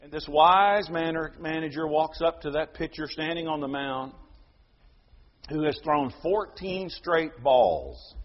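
A man preaching a sermon, emphatic, his voice swelling to loud peaks and then dropping soft. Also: fairly high pitch, lo-fi sound. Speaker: pastor.

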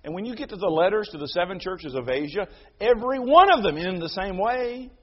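A middle-aged man preaching a sermon. He moves between loud proclaiming and quiet, personal storytelling. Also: sits high, animated, fairly quick, husky. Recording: dull lo-fi sound.

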